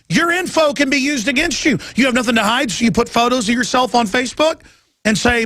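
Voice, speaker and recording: A man hosting a radio talk show, ranting in a heated monologue and often shouting as his pitch climbs. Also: expressive, moderate pace, no room sound, studio quality. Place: radio studio.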